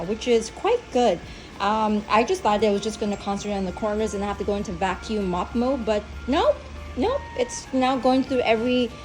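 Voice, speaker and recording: A woman's voice: medium pitch, a little mellow. Chatty young woman reviewing a gadget. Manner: chatty, filler-heavy, talks to her pets. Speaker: beauty vlogger. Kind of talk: casual product review vlog. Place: her home.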